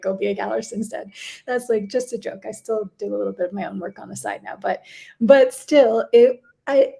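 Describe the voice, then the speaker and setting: A woman's voice: fairly high pitch, gravelly, mellow. A woman in her thirties, a podcast guest talking casually about her art career, chatty and laughing often. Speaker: podcast guest, gallery curator. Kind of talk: casual chat.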